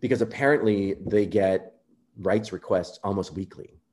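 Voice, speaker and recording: A man being interviewed, telling a personal story in an earnest, animated way and acting out quoted remarks. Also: on the low side, normal speed. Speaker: composer guest.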